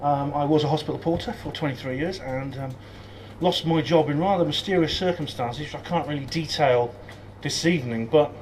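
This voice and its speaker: A man's voice: on the high side, a little fast, a little mellow, slight background noise, rough recording. A Welsh-born man who has lost his Welsh accent, giving a talk to a live audience in a pub function room, hesitant with many ums and joking asides. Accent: English, lost Welsh accent. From Wales. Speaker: guest speaker.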